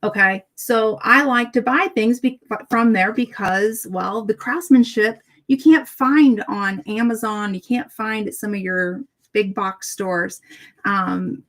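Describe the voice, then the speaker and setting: A middle-aged woman hosts a relaxed talk show, spinning a story in a chatty, animated way. She acts out each exchange by shifting her tone for the different people in it. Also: fairly high pitch. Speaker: host. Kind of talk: casual storytelling chat.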